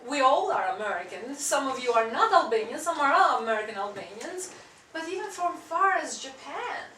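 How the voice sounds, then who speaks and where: A woman interviewing a cast after a show, effusive and quick to laugh. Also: high-pitched, big pitch swings, pushed and bright. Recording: roomy, from far off, light noise.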